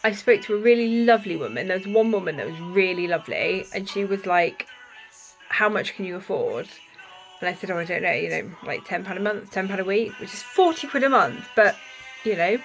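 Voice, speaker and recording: A woman's voice: mid-range voice, lively intonation, brisk, a bit bright, soft background music, poor audio. A woman vlogging straight to her viewers in a mid-range voice. She speaks with emphatic indignation and breaks off to apologise. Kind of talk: casual vlog to camera.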